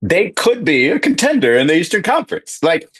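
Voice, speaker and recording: A man co-hosting a sports podcast, giving measured takes and settling low at the end of thoughts. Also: sing-song, a bit bright, a little hiss or hum. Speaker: podcast co-host. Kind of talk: casual sports talk.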